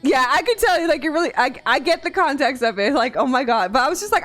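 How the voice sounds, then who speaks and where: A young woman streamer chats casually on a live stream, laughing often and swearing freely. Her fairly high voice swings up and down a lot. Faint music plays underneath. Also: expressive, fairly quick, few pauses, fairly bright tone.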